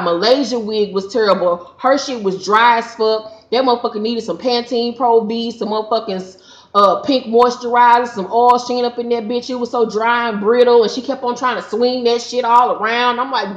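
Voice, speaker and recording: A woman's voice: a little high, steady tone, moderate pace. A woman recapping a reality TV episode in a casual, opinionated vlog, blunt, sassy and heavily profane. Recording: roomy, dull lo-fi recording.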